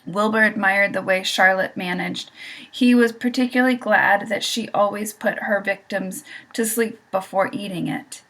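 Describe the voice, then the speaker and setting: A woman reading a children's book aloud in a lively, expressive way. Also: medium pitch, normal speed, rough recording. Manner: expressive, lively voices for characters. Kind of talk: storybook read-aloud.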